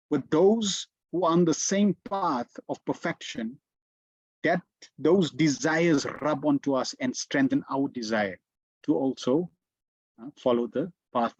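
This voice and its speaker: A man delivers a devotional lecture, slowly and deliberately, stressing key words through repetition. His voice sits fairly high and sounds slightly husky. The recording is dry and dull, with a lo-fi edge. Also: no room sound. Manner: slow, deliberate storytelling with emphatic repetitions. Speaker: spiritual teacher.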